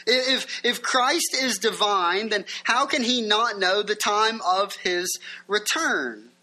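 A pastor delivers a sermon with a bright, forceful voice. The preaching is conversational, full of rhetorical questions, and the pitch sits at an ordinary middle height.

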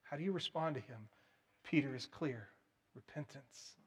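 A man preaching a sermon in an earnest, emphatic way, swinging between loud stresses and hushed, quiet appeals. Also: medium pitch, normal speed, breathy edge.

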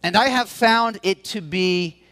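Male pastor, high-pitched voice, animated sermon delivery. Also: measured pace. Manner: animated, acts out quoted complaints in a higher voice.

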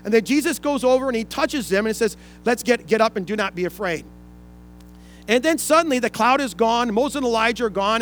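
High-pitched guy preaching, earnest, reads scripture out, soft music in the back. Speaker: pastor. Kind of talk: sermon.

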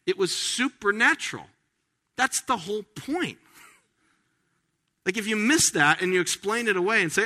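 A pastor preaching a sermon in an earnest, conversational way, slowing down to stress key phrases. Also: male voice, high voice, expressive, sharp tone.

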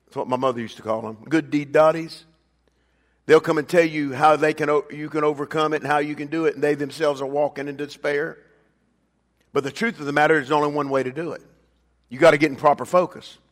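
An older man preaching a sermon as pastor, swinging between loud emphatic bursts and quiet asides, calling on the congregation by name. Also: a little high, fairly even intonation, brisk. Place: church sanctuary. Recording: long reverb of a church hall.

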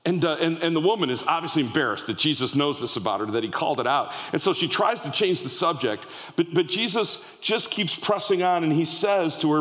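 A man preaching a sermon, retelling a story in an animated way with frequent restarts. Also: fairly high pitch, fairly quick, few pauses, long reverb tail.

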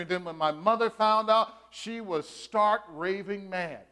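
A man's voice: sits high, measured pace, bright, forceful tone, clean tone. A middle-aged male pastor preaching a sermon in a conversational, storytelling way, asking his congregation questions and sharing personal stories.

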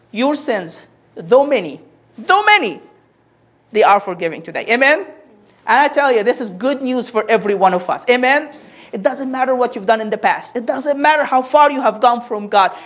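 Woman preacher with a fairly high voice; sermon with call-and-response and rhetorical questions.

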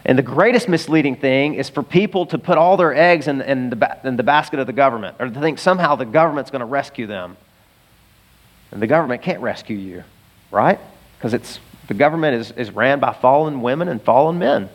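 A middle-aged man, a pastor, preaching a sermon in a conversational, animated way, with asides to the congregation. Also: mid-range voice, brisk.

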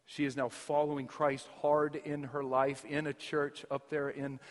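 A man preaching a sermon as pastor, his emphasis surging loud and then dropping to near quiet. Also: on the high side, level tone, measured pace. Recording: reverberant hall.

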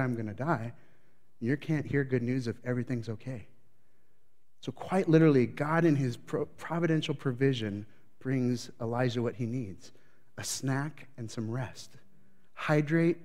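A man preaching a sermon with a storyteller's flair. He swings from loud, building phrases to hushed, low lines, with a mid-range voice. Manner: dramatic storytelling, voicing the prophet's panic; varies loudness widely, building up then dropping low. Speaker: pastor.

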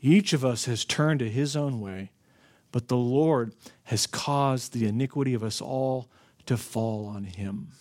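A man's voice: medium pitch, darkish tone. Earnest male preacher. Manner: earnest preaching, slows and stresses key phrases. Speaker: pastor. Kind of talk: sermon.

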